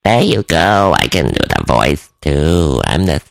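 Man doing a husky young smoker lady, very low, slow drawl, dry sound. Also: big pitch swings, no room sound, heavily acted. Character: raspy young woman smoker, lazy drawl. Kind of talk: podcast impression bit.

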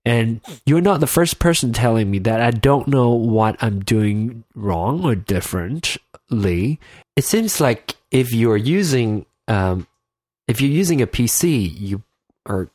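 Hosting his own podcast solo and casually, a man with a stuffed-up nose rambles and keeps losing his train of thought. His medium-pitched voice is animated, slow, and darkish, recorded dry at studio quality through in-ear headphones with a mic.

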